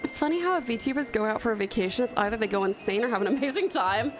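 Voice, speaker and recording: A woman's voice: fairly high pitch, animated, quick pace. A woman from Australia streaming from home, chatting casually and gushing thanks to viewers with pet names. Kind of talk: casual live-stream chat. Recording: music playing behind.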